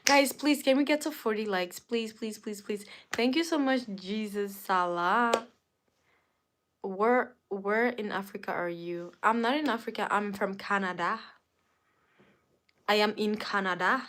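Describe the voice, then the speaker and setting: Slow-talking, chatty woman livestreamer. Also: mid-range voice, a bit bright. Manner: chatty, playful, laughs often, pleads for likes. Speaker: livestream host. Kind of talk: casual live-stream chat reading comments.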